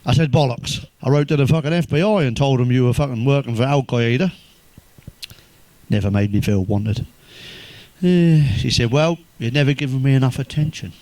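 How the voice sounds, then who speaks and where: A man telling crude stand-up jokes, swearing constantly, delivering deadpan one-liners and laughing at his own punchlines. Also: mid-range voice, fast, few pauses, no echo. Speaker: comedian.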